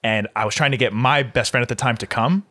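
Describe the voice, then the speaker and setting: Young dude cohosting a podcast, laughs a lot, swears, just chatting. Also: male voice, medium pitch, fast talker, sharp tone. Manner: laughs often, swears freely, tells stories with acted-out quotes. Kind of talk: casual chat.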